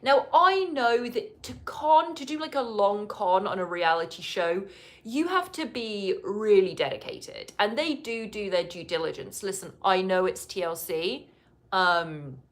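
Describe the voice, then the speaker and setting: A woman's voice: mid-range voice, animated. A woman talks through a reality TV episode in a loose, conversational way, with dry asides. Now and then she slips into short impressions of the people on the show. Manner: chatty, wry, breaks into quick impressions of people on the show. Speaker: podcast host. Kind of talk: casual reality TV recap. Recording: live podcast recording.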